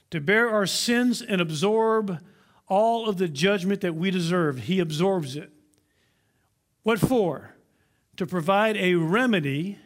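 Emphatic high-voiced male pastor. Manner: emphatic, slows down to stress key words; uses props to illustrate. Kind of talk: sermon.

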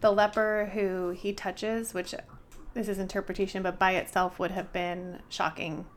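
A woman's voice: medium pitch, little pitch movement, moderate pace, a little hiss or hum. Chatty woman sharing bible study notes. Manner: chatty, thinking aloud, restarts. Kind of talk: casual bible study discussion.

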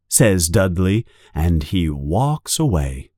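Slow, lively male storyteller. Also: lowish voice, no echo, clean studio sound. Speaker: narrator. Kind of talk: slow storybook read-aloud.

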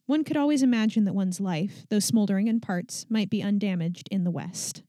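A woman's voice: mid-range voice, a little fast, mellow, dry recording, studio quality. A woman co-hosting a casual book podcast, talking with enthusiasm, rambling with many fillers and restarts.

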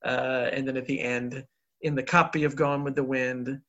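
A man's voice: mid-range voice, little pitch movement, normal speed, a bit bright, lo-fi sound. A man co-hosting a podcast, recapping a film in a rambling casual way with frequent laughs and filler words. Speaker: podcast co-host.

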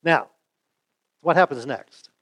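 A male pastor preaches in a folksy, chatty style, tossing rhetorical questions to the congregation. His voice sits on the higher side for a man and sounds close and dry, with almost no room echo. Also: slow, a bit bright. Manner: asks the audience rhetorical questions; folksy, chuckles and restarts. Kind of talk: conversational sermon.

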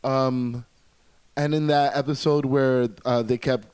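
A man's voice: mid-range voice, steady tone, slow, a little mellow, smooth. A man co-hosting a podcast, chatting casually and rambling animatedly, swearing freely. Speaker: podcast co-host. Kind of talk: casual chat.

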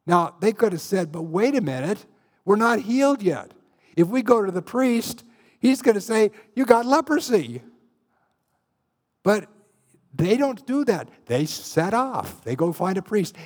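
Man preaching, storytelling sermon, slightly high voice, long hall echo. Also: darkish tone. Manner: storytelling, acts out Bible scenes with shifting voices.

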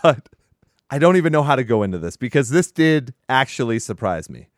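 Animated man recapping a movie, dry sound. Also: mid-range voice, brisk, no echo. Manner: animated, laughs often, swears freely. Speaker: podcast co-host. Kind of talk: casual movie recap chat.

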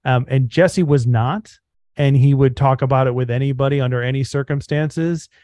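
An earnest man with a mid-range voice co-hosts a podcast and speaks reflectively. He fills his pauses with "um" and "like". The recording is close and dry. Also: mid-range voice, warm tone, no echo. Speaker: podcast co-host. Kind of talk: casual podcast chat.

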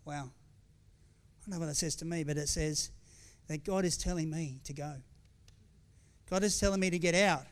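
A middle-aged pastor delivers a sermon in a candid, conversational way, often restarting sentences and drifting into asides, and at times he sounds close to tears. His voice is a little high, at a moderate pace.

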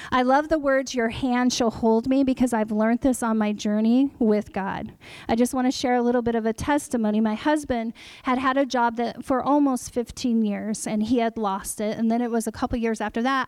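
A woman preaching a sermon, telling a personal testimony in an animated storytelling way and acting out her own past words. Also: on the high side, clean tone, no echo.

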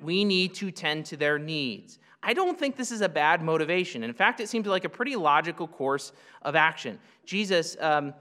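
A man with a high, bright voice preaches in a relaxed, conversational way, putting questions to his listeners and answering them himself. His voice rings out with the long reverb of a large hall. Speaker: pastor. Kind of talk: expository sermon.

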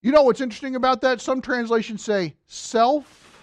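A Bible teacher in a chatty, humorous teaching style who keeps turning to the listeners with asides. The voice sits at a middle pitch, and the recording is dry and close with no room sound. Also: a little fast, dry recording. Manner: joking asides, addresses listeners directly.

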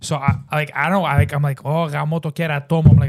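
A man co-hosting a podcast, telling a story in a casual, animated way, swearing freely and saying bro a lot. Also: a little high, fast talker, hardly any pauses. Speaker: podcast co-host.

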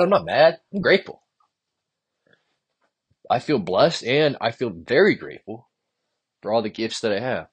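A man's voice: medium pitch, fairly bright tone, husky. A young man hosting a solo podcast, venting in a rambling, profane, frustrated way about his jobs. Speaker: podcast host. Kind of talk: solo stream-of-consciousness podcast monologue.

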